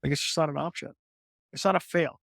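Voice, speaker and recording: A man's voice: fairly high pitch, fairly even intonation, quick pace, gravelly, a bit bright, no room sound, clean studio sound. A middle-aged man, a fitness trainer, telling stories in an interview with lots of restarts and repeated phrases. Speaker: celebrity fitness trainer, guest. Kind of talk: candid interview conversation.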